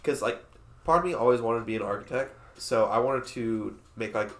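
A man's voice: medium pitch, a little fast, echoey room. A man in his twenties hosting a casual podcast chat, laughing often and swearing freely. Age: 20s. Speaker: podcast host.

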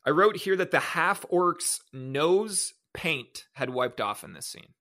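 A man with a fairly high, gravelly voice and a bright, forceful edge. He retells a film scene by scene in a casual podcast chat, his tone dry and mocking. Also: expressive, slow. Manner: sarcastic, mocking play-by-play retelling. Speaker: podcast co-host. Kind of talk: casual movie recap chat.

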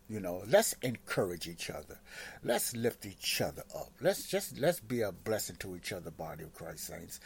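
Rambling man with a low voice. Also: creaky, slight background noise. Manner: rambling, fills talk with "you know". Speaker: host of a faith encouragement segment. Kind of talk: casual rambling devotional talk.

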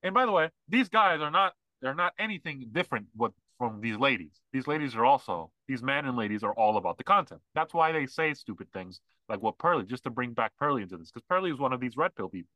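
A man's voice: mid-range voice, very animated, quick pace, hardly any pauses, bright, forceful tone, dry recording, poor audio. A man co-hosting a casual podcast, rambling and mocking, often mimicking other people's voices. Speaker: podcast co-host.

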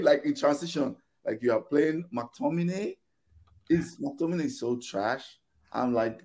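Against slight background noise, a man with a fairly high pitch speaks at a moderate pace on a podcast panel. He's casually ranting in an animated, exasperated way, voicing both sides of arguments in quoted exchanges.

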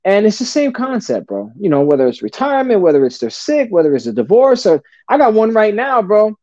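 A man guesting on a talk show, telling stories in an animated, casual way, full of slang and swearing. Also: sits high, brisk, dry recording. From New Jersey. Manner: animated, swearing, street slang, says bro a lot. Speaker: podcast guest. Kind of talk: casual storytelling. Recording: dull lo-fi dry sound.

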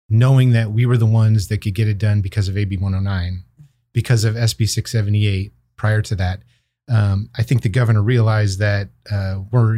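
Guy on a podcast, low mellow voice, dry close mic, measured and thoughtful, lots of ums. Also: no room sound. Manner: measured, thoughtful, with frequent fillers and restarts. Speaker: county chief probation officer, guest. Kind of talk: podcast interview.

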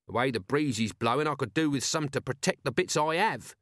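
A man's voice: mid-range voice, brisk, fairly bright tone, no echo, clean studio sound, voice pushed up, lightly acted. A man voicing a scrawny, sulky male guardsman with a common, grumbling manner.

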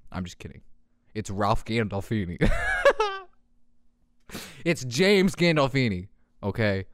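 A man's voice: lowish voice, big pitch swings, slow, no room sound, clean studio sound. A young man hosting his own podcast, rambling in casual profane talk and laughing at his own jokes. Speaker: podcast host. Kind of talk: casual solo podcast rant.

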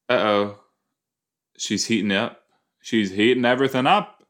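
A man with a mid-range, fairly bright voice talks slowly but animatedly. Hosting a podcast, he watches an episode and responds casually, rambling playfully and throwing in made-up silly words.

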